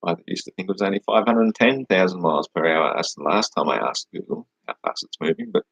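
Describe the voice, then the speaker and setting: Gravelly deep-voiced man, mocking. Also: expressive, fairly quick, fairly bright tone, no room sound, muffled recording. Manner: mocking, dismissive, swears. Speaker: livestream host answering chat. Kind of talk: casual livestream chat.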